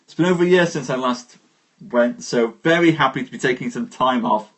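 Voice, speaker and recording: Hosting a live stream, a man reads poetry aloud and chats unhurriedly with viewers, greeting them by name. His voice is mid-range.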